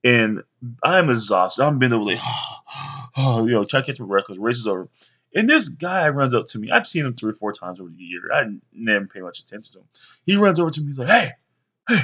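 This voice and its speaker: A young man casually telling rambling stories to his sons, with many fillers and lively bursts when he quotes others. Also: medium pitch, brisk. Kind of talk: casual storytelling to camera.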